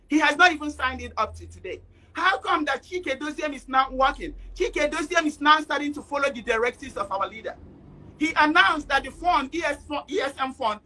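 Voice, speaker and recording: A woman giving an emotional speech in an online discussion, often rising to shouting. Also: high voice. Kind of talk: impassioned speech.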